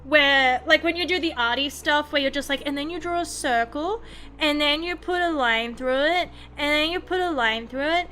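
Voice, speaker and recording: A woman's voice: high-pitched, normal speed, bright, forceful tone, slight background noise. A young Australian woman streamer rambling through casual, profane, self-mocking chat while she draws. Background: faint background music.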